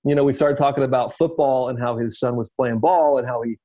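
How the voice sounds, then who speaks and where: A man in an easygoing podcast conversation, thinking aloud about his work as an entertainment interviewer. He rambles and restarts a lot, leaning on fillers, at a middling pitch. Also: fairly quick, warm tone. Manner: reflective, rambling with many fillers.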